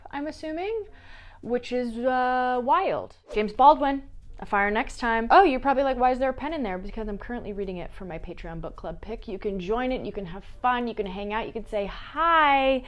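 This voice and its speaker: A woman talks through her book pile in a relaxed, casual vlog. She is playful and drops jokey asides between books, in a voice of ordinary pitch. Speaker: book vlogger. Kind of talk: casual chat.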